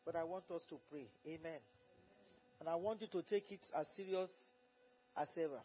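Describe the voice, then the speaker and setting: A man preaching at a Bible study as pastor, fervent and repetitive, rising to loud exhortation. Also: a little high, normal speed, soft background music. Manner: fervent, repeats phrases, rises to loud exhortation. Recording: dull lo-fi recording.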